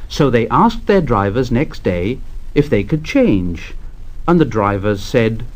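A man reading a children's story aloud in an expressive storytelling manner. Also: mid-range voice. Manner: expressive, unhurried. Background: music.

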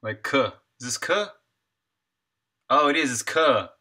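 A man's voice: medium pitch, unhurried, pushed and bright. A man, an indie game developer, chatting casually on a live stream while he works, thinking aloud, answering chat and chuckling often.

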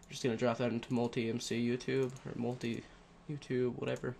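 A man's voice: medium pitch, flat delivery, fast, gravelly, darkish tone, a little hiss or hum. A man casually talking through a computer tutorial on a headset, rambling with many fillers and self-corrections. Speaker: tutorial narrator. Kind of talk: casual screen-recorded tutorial.

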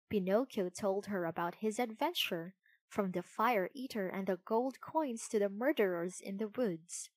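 A woman reading a children's storybook aloud in a clear, deliberate way. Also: mid-range voice, no echo. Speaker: narrator.

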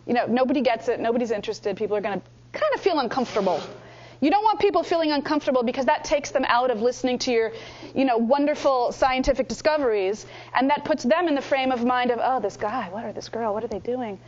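High-voiced woman coaching a workshop. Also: fast talker. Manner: energetic, coaching, demonstrates with exaggerated voices. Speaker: workshop instructor. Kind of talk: lively teaching workshop. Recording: dull lo-fi room recording.

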